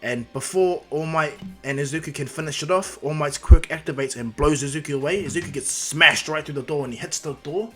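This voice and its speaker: A man's voice: on the high side, brisk, few pauses, a bit bright, husky, faint music behind. A man casually retelling a fan-made story, rambling with restarts and asides.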